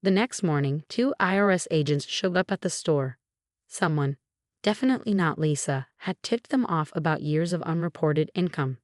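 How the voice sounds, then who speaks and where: A woman narrating a scripted first-person story in a calm, even manner. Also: low-pitched, moderate pace, no room sound, clean studio sound.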